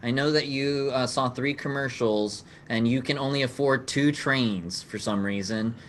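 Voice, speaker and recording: A man's voice: mid-range voice, normal speed, fairly bright tone, slight background noise. A man hosting an online improv game over a video call, explaining the rules in an upbeat way and laughing often. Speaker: game show host.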